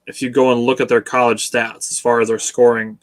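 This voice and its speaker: A man co-hosting a casual sports podcast, explaining his points in a measured, steady way and urging listeners to stay level-headed. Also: mid-range voice. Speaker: podcast co-host.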